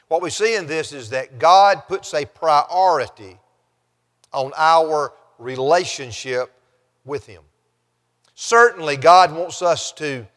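A man's voice: fairly high pitch, fairly bright tone, big-room sound. A man preaching a sermon as pastor, reading scripture aloud and then stressing key phrases as he teaches.

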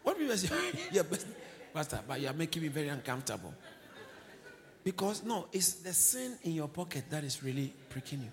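A man preaching with a high voice that leaps from booming calls down to quiet, confiding asides. His delivery rises and falls with wide swings of pitch. A long reverb from the hall trails each line. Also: lively intonation, fairly quick. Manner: exhorting, swinging between loud shouts and low asides, with laughs. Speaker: pastor. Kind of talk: sermon. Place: church hall.

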